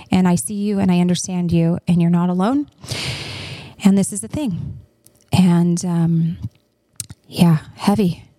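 Gravelly-voiced woman podcast host. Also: mid-range voice, warm tone, no echo. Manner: tender, reassuring, emotional. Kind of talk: heartfelt podcast monologue.

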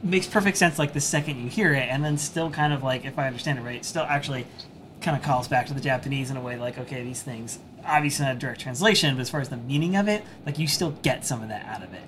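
A man co-hosting a podcast in casual chat, rambling and animated, with many fillers. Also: mid-range voice, fast, noisy background. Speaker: podcast co-host.

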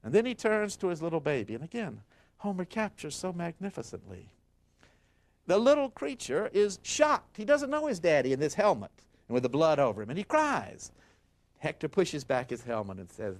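A man's voice: on the high side, moderate pace, creaky. A man giving a history lecture, retelling an ancient tale dramatically and acting out the quotes. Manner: dramatic and expressive, acts out quotes. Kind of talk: storytelling lecture.

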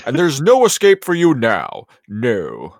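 A man's voice: medium pitch, wildly swooping pitch, measured pace, gravelly, full character voice. A man putting on a mock-threatening male computer voice that warns of an incoming game. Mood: mock menacing. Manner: mock-threatening announcer, swearing. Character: menacing male computer warning voice. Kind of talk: comic voice bit in casual chat.

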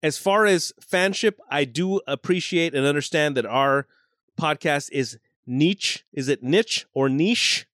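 A man co-hosting a podcast in casual chat, agreeable and lively, often laughing as he talks. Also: fairly high pitch, unhurried, no echo, clean studio sound. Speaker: podcast co-host.

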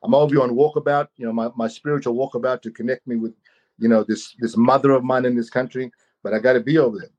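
A man telling a personal story in an animated way, often saying "you know". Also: mid-range voice, fast talker, muffled recording. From Australia. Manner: animated, acts out quoted voices, many "you know"s.

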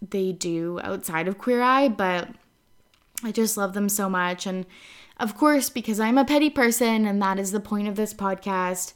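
A woman's voice: mid-range voice, a bit bright, clean tone. A woman in her twenties from British Columbia, hosting a casual solo podcast in a chatty, rambling way with lots of "like". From British Columbia, Canada. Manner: chatty, rambling, heavy use of "like", frequent laughs. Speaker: podcast host.

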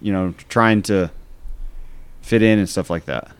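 A man with a lowish voice chatting casually with friends on a podcast. He tends to speak earnestly and to insist on the facts. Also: a little slow, smooth. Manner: earnest, sets facts straight. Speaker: podcast co-host. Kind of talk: casual chat.

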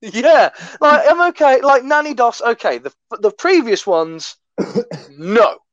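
A man's voice: extremely high pitch, lively intonation, slow pace, a bit bright, no echo. A man from Oklahoma co-hosting a casual true-crime chat, sweary and often laughing. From Oklahoma, USA. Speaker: podcast co-host. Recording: dull, dry sound.

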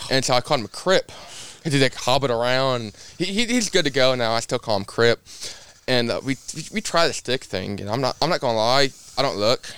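A man's voice: mid-range voice, smooth. A young man, a race car driver telling rambling racing stories in casual podcast chat. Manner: rambling, animated anecdotes with many fillers.

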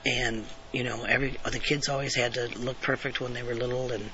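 A man's voice: medium pitch, flat delivery, fairly quick, sharp tone, lo-fi sound, a little hiss or hum. A man telling an earnest personal story, repeating phrases and sometimes dropping almost to a whisper.

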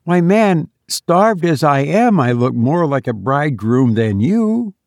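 A man's voice: medium pitch, very animated, a little slow, gravelly, a little mellow, no room sound, clean studio sound. A man reading a story voices a startled young man who exclaims and questions in a raised voice. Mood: astonished. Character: startled young man, eager, then stunned.

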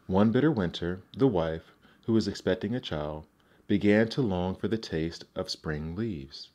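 Deep-voiced male storybook narrator. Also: measured pace, mellow.

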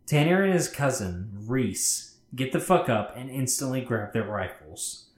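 A man's voice: mid-range voice, very animated, a little slow, slight background noise. A man co-hosting a podcast, casually reading a scary story aloud, swearing freely and stopping to comment. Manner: profane, chatty, breaks off to comment. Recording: roomy echo.

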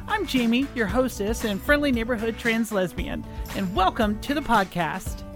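Over music, a woman chats through her podcast alone at home late at night, friendly and meandering in a casual monologue. Her voice is fairly high and animated, moving at normal speed.

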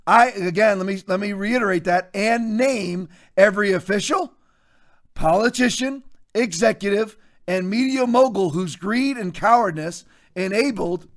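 A man hosting a political commentary show, talking in an emphatic, mocking way with folksy asides. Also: high voice. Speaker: host.

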